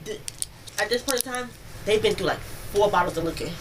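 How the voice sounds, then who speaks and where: Woman witness, rapid breathless retelling, very fast, distant bodycam audio, noisy background. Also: medium pitch. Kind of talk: recounting events to police. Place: home, near the kitchen. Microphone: police bodycam.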